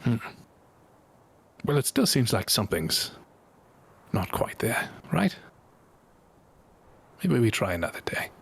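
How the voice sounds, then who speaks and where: A man's voice: mid-range voice, sing-song, takes it slowly, gravelly, long pauses, slightly rough. A man role-playing his tabletop character, speaking in a reflective, musing way. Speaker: player.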